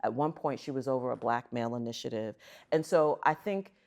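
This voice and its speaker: A middle-aged woman, a guest on an interview show, telling stories in an animated, emphatic way. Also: very deep voice, fairly quick, gravelly. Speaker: guest, arts center chief executive. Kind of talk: conversational storytelling.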